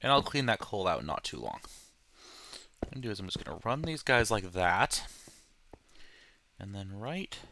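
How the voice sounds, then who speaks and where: Bright-voiced joking man narrating gameplay. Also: fairly low pitch, sing-song, moderate pace, pauses often, slight background noise. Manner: joking, self-deprecating asides. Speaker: let's play host. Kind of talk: casual gameplay commentary.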